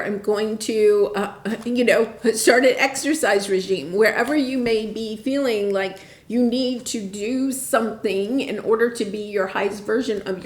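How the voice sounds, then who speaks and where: A woman's voice: fairly high pitch, echoey room. A woman giving a casual, encouraging tarot reading, often checking in with "right?" and "okay?". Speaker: tarot reader.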